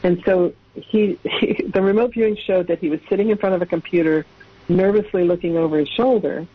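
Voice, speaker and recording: A woman's voice: fairly low pitch, fairly even intonation, brisk, slightly rough, no room sound. A woman in her sixties, a guest, chatting and laughing as she tells long rambling family stories. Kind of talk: casual anecdotal storytelling. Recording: dull lo-fi radio audio.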